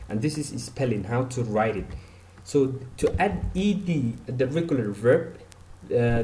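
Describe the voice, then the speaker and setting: A man's voice: medium pitch, mellow, echoey room. A man teaching an online English grammar lesson, repeating example words and saying "okay" often.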